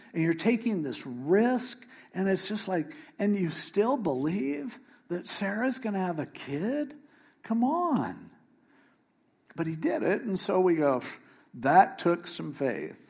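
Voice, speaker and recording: Male preacher, slightly high voice, animated and playful storyteller. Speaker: pastor. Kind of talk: sermon.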